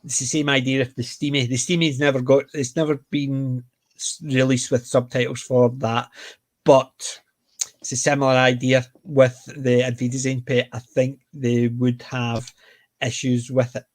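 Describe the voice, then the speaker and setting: A man's voice: mid-range voice, flat delivery, unhurried. A Scottish man with a light Glaswegian accent, chatting casually on a panel and retelling stories. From Scotland. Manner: chatty, storytelling with repeated phrases. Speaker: panel host. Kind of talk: casual chat.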